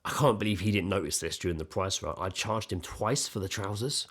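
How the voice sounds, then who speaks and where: Podcast co-host, man, slightly low voice, animated storyteller who plays out the dialogue. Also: a little fast, breathy edge. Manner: animated, heavy swearing, acts out dialogue. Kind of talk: casual storytelling chat.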